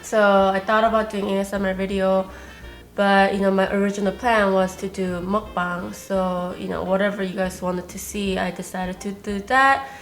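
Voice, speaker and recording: A woman's voice: medium pitch, steady tone, normal speed. A young woman who is a little sick, chatting casually to camera as a food vlogger and rambling with fillers and restarts. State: slightly sick. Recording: faint static and soft music.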